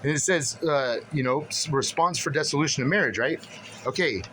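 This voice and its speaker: A man's voice: fairly high pitch, fairly quick, fairly bright tone, a little hiss or hum, low-quality recording. A man venting to the camera in a casual vlog, agitated and profane, rambling with many restarts as he reads through paperwork. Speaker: vlogger.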